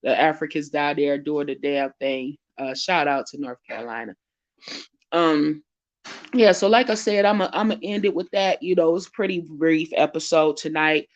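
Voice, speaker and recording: A man hosting a live online show. He sounds tearful and emotional, speaks with preacherly urgency, repeats phrases, and gives casual shout-outs. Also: a little high, normal speed. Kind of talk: emotional livestream talk and exhortation. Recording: dull lo-fi stream audio.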